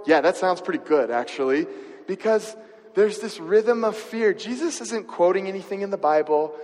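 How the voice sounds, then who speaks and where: A man's voice: high voice, long reverb tail. A man preaching a sermon and telling a personal story in a conversational way, often asking his listeners questions. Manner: conversational, asks the audience questions. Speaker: pastor.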